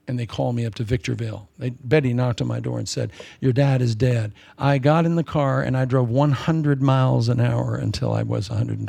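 A middle-aged man preaching with a gravelly, husky voice. He tells stories in an animated way, swinging from sudden shouts down to near-whispers. The sound is dry and close, with no room around it. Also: mid-range voice, no room sound. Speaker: pastor. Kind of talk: sermon.

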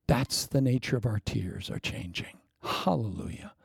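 Gravelly-voiced man preaching fervently. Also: mid-range voice, animated, moderate pace, no echo, clean studio sound. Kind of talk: sermon ending in prayer.

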